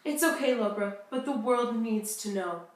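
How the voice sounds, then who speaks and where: A young woman playing a grieving mother who survived a wartime roundup, telling it in a solemn, measured way. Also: on the high side, lightly acted. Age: young adult. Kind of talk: school-project talk-show role-play. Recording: echoey room, distant mic.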